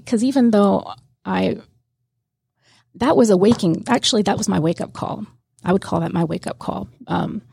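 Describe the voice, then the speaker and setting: A woman with a deep, gravelly rasp and a husky, breathy edge tells a candid personal story. Her tone is mellow and dark, and she laughs easily and restarts her sentences as she goes. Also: no room sound, studio quality. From Mississippi. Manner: emotional, laughs often, many restarts. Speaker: guest.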